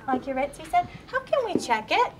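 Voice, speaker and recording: A woman teaching a kindergarten class to read, her fairly high voice patient and full of questions. She stretches words out slowly for the children. The classroom recording carries clear background noise. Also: big pitch swings. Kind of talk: classroom shared reading lesson.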